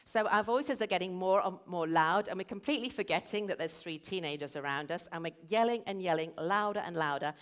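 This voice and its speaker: A middle-aged woman giving a sermon, explaining and telling stories in an earnest way. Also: lowish voice. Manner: earnest, storytelling. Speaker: guest speaker at a church service.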